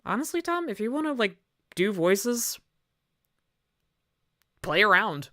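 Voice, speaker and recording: A woman's voice: medium pitch, sing-song, slow, sharp tone. A woman voice actor chatting casually on an art stream, telling rambling stories. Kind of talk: casual chat while drawing on stream.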